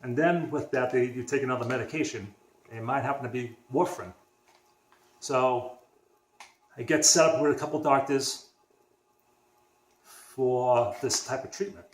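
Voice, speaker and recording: A young vlogger from the Boston area, USA, tells a personal story at normal speed in a mid-range voice, with long pauses and an echoey room around him. He rambles casually, restarts sentences often, and acts out what other people said.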